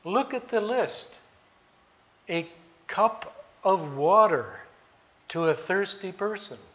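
A man preaching a sermon as a pastor, reading scripture slowly with emphatic pauses. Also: high-pitched, animated, a bit bright. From United States.

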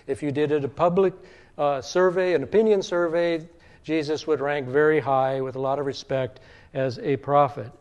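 A man with a slightly high voice delivers a sermon as a preacher. He talks in a measured teaching tone and slows down to give weight to the verses he quotes. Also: fairly even intonation, a little mellow, smooth. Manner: measured teaching tone with slow emphatic scripture quotes.

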